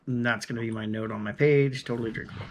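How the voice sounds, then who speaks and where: A man's voice: medium pitch, fairly even intonation, fast talker. A man co-hosting a casual podcast chat, easygoing and steering the talk. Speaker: podcast co-host.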